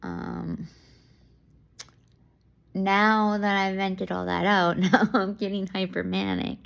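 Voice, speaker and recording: A young woman talking casually to camera in a vlog, rambling and excitable, laughing often and restarting her sentences. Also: medium pitch, slow pace, creaky. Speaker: vlogger. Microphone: camera mic.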